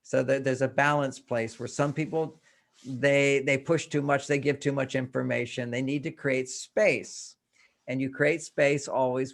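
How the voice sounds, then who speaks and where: An older man with a gravelly, creaky voice at a middle pitch, speaking as an interview guest. He talks in a loose, animated way, acting out quoted lines and chuckling as he goes. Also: a little slow. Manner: animated storytelling, acts out quoted dialogue, laughs often. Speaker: guest, relationship author. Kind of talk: conversational interview.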